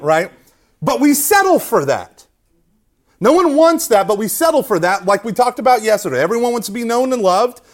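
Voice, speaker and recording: A man speaks in an animated, conversational preaching style, often checking in with "right?" and acting out quotes. His voice is fairly high and lively, rising and falling widely. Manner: conversational, keeps asking "right?", self-mocking humor, acts out quotes. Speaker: speaker at a Catholic youth talk. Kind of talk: animated preaching talk to an audience.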